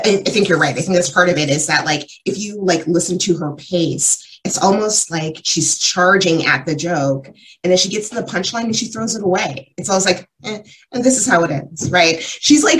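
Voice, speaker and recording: A woman's voice: fairly low pitch, poor audio. A woman co-hosting a casual discussion about comedy, thinking aloud with many fillers. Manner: thoughtful, lots of fillers. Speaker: podcast co-host.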